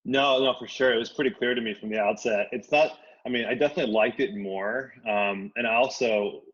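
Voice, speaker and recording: Man, 40s, attorney guest, dull lo-fi audio, relaxed, lots of ums. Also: mid-range voice, brisk, breathy edge. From United States. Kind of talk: casual interview chat.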